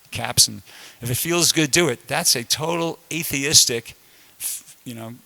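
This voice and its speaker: A man's voice: medium pitch, vocal fry, sharp tone. A man giving a conversational sermon-style class in a temple room, with frequent restarts and emphatic asides.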